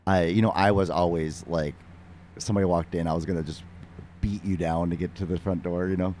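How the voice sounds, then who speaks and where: A man hosting a podcast, telling a story casually in a halting, rambling way, with many fillers and restarts. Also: deep voice, steady tone, a little mellow, slight background noise. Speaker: podcast host. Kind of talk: casual conversation.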